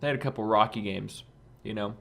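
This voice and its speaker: Male podcast co-host, deep gravelly fry, relaxed agreeable chat. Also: brisk. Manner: easygoing, agreeable back-and-forth. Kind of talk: casual esports podcast chat.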